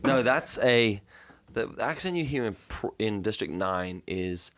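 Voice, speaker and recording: Rambling lower-voiced man from South Africa. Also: animated, measured pace, a bit bright, no echo. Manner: rambling, self-correcting, laughs at himself. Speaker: co-host. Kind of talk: casual banter podcast.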